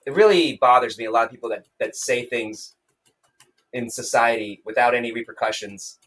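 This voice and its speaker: A man's voice: mid-range voice, normal speed, a bit bright, faint music behind. Profane, rambling man streamer. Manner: heated, profane, rambling with restarts. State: angry, then calming down. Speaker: streamer, self-published author. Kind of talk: casual livestream rant.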